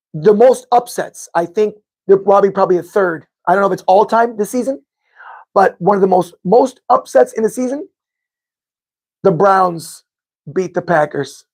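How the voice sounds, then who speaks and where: Reading out the live chat, this podcast host has a high-pitched voice with a somewhat dark tone. He runs a live sports fan podcast and chats loosely with his audience, wandering off track and going over things again as he fixes his numbers.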